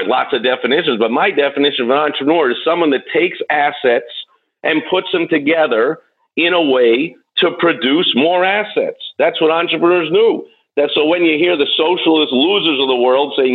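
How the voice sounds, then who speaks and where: A fired-up man coaching business owners in a blunt, ranting voice. The voice sits a bit high for a man and comes through husky. The sound is thin and tinny, like a phone line on the radio.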